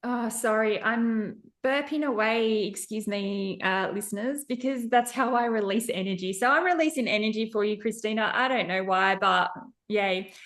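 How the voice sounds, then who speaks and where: A woman's voice: medium pitch, moderate pace, fairly bright tone. A woman hosting a podcast, chatting in a bubbly, informal way. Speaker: podcast host. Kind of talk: casual interview chat.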